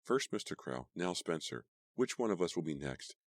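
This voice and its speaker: A panicky teenage girl on the verge of tears, as a man puts her on for an audiobook, his very deep voice pushed up into a wail. The sobbing delivery sounds dry and close. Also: sing-song, moderate pace, no room sound, full character voice. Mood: panicked.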